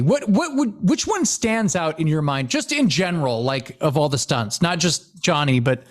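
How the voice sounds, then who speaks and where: A man co-hosting a casual podcast, his high voice swinging up and down. He laughs often and acts out quotes as he talks. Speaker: podcast co-host. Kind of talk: casual chat.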